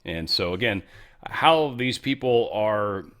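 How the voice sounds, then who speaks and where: A man's voice: lowish voice, animated, slow pace, fairly bright tone. A man hosting a podcast, talking through the news in a rambling, offhand way and correcting himself as he goes. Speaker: podcast host. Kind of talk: casual political commentary monologue.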